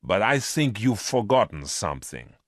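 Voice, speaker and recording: A man's voice: on the low side, very animated, normal speed, no echo, studio quality. A man voicing a ruthless male space criminal leader in a storybook reading, with a hard, scheming manner. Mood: harsh.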